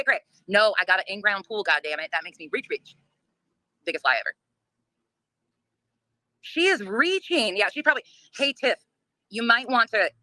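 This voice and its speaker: A woman's voice: mid-range voice, pushed and bright, no echo, clean studio sound. A woman hosting a livestream, ranting in a blunt, profane, laughing way while reading chat. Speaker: livestream host. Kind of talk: casual livestream rant.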